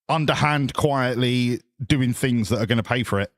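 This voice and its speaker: A man's voice: medium pitch, moderate pace, no echo, studio quality. A man, chatting casually with his viewers on a live stream in sarcastic, sweary, mock-lecturing rants.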